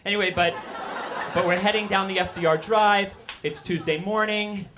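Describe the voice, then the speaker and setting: A man's voice: high voice, steady tone, moderate pace, noisy background. A man in his forties telling a personal story live, rambling and self-deprecating, full of asides.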